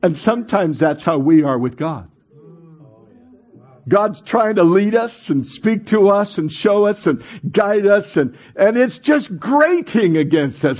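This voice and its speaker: Animated husky-voiced male preacher. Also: high-pitched, unhurried. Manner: animated, call-and-response with congregation; acts out voices in stories. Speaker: pastor. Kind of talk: sermon.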